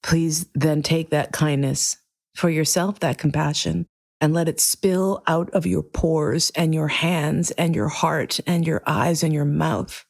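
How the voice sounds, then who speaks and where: A woman hosting her own podcast, speaking earnestly and emotionally to listeners, with frank, profane warmth. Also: low voice, fairly even intonation, measured pace, gravelly, no echo, clean studio sound. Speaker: podcast host. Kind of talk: heartfelt solo podcast monologue.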